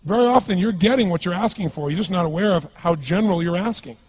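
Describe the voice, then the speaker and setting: A man's voice: high voice, fast, darkish tone. A man giving a motivational seminar talk to a live audience, emphatic and full of rhetorical questions to the crowd. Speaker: motivational speaker.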